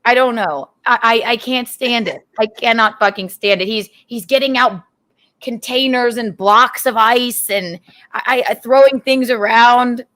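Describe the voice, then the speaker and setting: A woman's voice: fairly high pitch, a little slow, a bit bright. Exasperated woman teasing her partner. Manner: exasperated, teasing, laughing complaints. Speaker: host's partner. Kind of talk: casual teasing chat.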